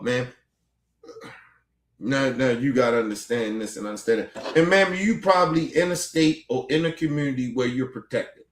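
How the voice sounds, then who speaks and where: A man giving casual, profanity-laced reaction commentary as a streamer, sounding exasperated. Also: mid-range voice. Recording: echoey room.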